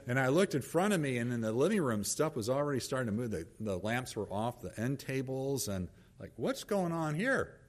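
A man's voice: mid-range voice, expressive, fairly quick, hardly any pauses. A middle-aged male pastor preaching, telling a story about his wife and kids and acting out their lines of dialogue. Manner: storytelling, acts out quoted dialogue. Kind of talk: sermon with personal story.

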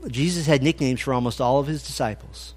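A man's voice: mid-range voice, a little fast, darkish tone, husky. A man preaching an expository sermon, conversational and emphatic as he quotes scripture. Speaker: pastor.

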